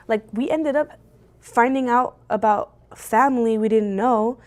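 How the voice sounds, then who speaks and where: Young female streamer, slightly high voice, lively storyteller, casual chat into a phone. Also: a little slow. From Belgium. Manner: animated, lively storyteller with big jumps for quoted voices. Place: indoors at home. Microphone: phone on a gimbal.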